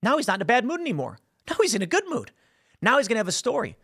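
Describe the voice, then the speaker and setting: A man's voice: very high voice, wildly swooping pitch, rapid-fire, fairly bright tone, husky, dry recording, clean studio sound. A man hosting solo political commentary in a conversational storytelling way, acting out quoted people as he goes.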